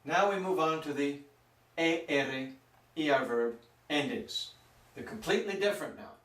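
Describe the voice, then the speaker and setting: A man teaching a Spanish grammar lesson, speaking slowly and stretching out words to show their pronunciation. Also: fairly high pitch, a bit bright. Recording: roomy echo, mic some distance off.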